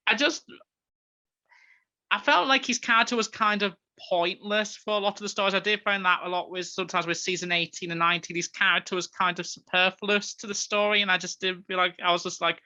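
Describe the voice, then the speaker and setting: Male podcast co-host, rambling and casual, crisp bright tone, muffled lo-fi recording. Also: high-pitched. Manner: rambling, with many ums and restarts. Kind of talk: casual review chat. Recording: dull lo-fi mic.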